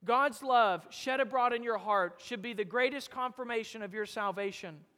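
A man preaching to his congregation, with a very high and bright, ringing voice. He quotes old-style scripture and swings from loud emphatic peaks to quiet, low-spoken lines. A long reverb trails his words. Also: normal speed. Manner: quotes King James scripture. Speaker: pastor. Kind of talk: sermon.

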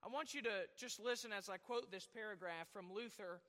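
A man's voice: high-pitched, a little fast, bright, forceful tone, long reverb tail. A man preaching a sermon, rambling at times and asking the congregation questions. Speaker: pastor.

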